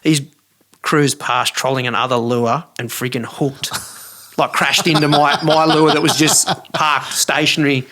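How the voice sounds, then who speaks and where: An Australian man telling a fishing yarn as a podcast guest, lively and full of broad slang. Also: on the high side, unhurried. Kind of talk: casual storytelling.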